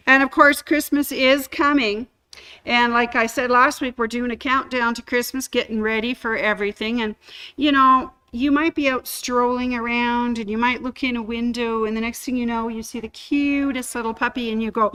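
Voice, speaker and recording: A woman hosting a sewing shop livestream, chatting casually and giving shout-outs to viewers. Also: fairly high pitch, fairly even intonation, moderate pace, clean tone. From Canada.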